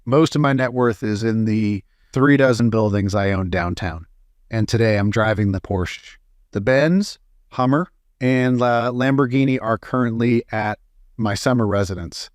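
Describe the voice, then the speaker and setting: A man's voice: medium pitch, no echo, studio quality. A man reading a string of jokes aloud in a plain storytelling way, with frequent "uh" fillers. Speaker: joke reader.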